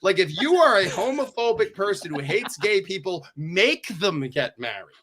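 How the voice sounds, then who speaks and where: A middle-aged man, a divorce lawyer, talking in a casual podcast conversation, animated and sarcastic, swearing freely and acting out bits of dialogue. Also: high voice, normal speed, a crowd in the background.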